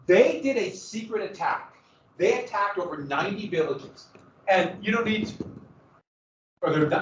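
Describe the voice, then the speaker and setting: A man's voice: on the high side, distant mic, a little hiss or hum. A man teaching a history class in a casual lecture, with joking asides and dramatic emphasis. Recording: echoey, muffled classroom recording from afar.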